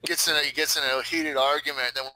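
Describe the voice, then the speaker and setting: A man's voice: fairly high pitch, fairly even intonation, fast talker, bright, forceful tone, no room sound, poor audio. A man chatting casually as a player at a tabletop game, loose and joking. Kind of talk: casual chat at a gaming table.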